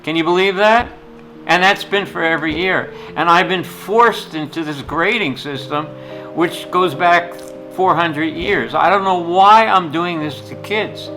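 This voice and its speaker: An older man, a retired jewelry teacher, tells rambling stories in a blunt, opinionated way. His voice sits a bit high for a man. Soft guitar music plays underneath him. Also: rough recording. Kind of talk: anecdotal storytelling.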